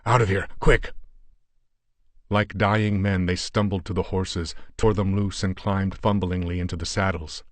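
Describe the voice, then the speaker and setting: Deep-voiced male horror narrator. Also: little pitch movement, moderate pace, hardly any pauses, dry recording. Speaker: audiobook narrator. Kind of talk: scripted narration of a horror story.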